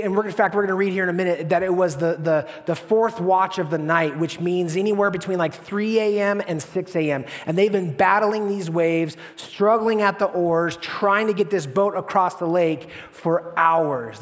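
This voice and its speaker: Brief: man pastor, bright high voice, dramatic sermon delivery, long hall reverb. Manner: animated storytelling, dramatic swings from hushed to loud.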